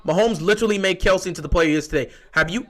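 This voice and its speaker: A high-pitched young man hosts a live football reaction stream. He argues with his chat and keeps repeating his point, sounding worked up and exasperated. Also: racing. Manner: animated, exasperated, repetitive arguing. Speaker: livestream host.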